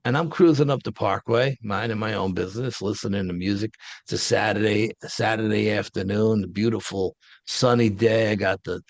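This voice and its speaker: A low, gravelly man tells his story as an interview guest. His talk is casual, blunt and colloquial. The sound is dry and close. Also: dry recording. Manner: colloquial, blunt, street-wise phrasing. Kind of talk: casual first-person storytelling.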